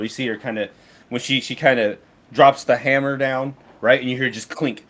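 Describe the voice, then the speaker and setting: A man's voice: mid-range voice, steady tone, normal speed, a bit bright. A man running a tabletop game as game master, rambling with many restarts. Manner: rambling, full of fillers and restarts.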